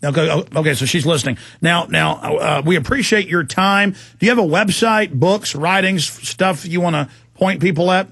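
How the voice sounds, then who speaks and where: A man's voice: fairly high pitch, normal speed, vocal fry, hardly any pauses, fairly bright tone, husky, no room sound. A man hosting a studio talk show, talking to a guest in an urgent, intense tone on a studio microphone.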